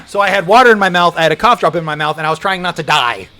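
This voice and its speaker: A man chatting casually on a game stream, animated and profane, laughing and bursting into loud outbursts. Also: sits high, fast talker, noisy background. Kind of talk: casual gaming stream chat.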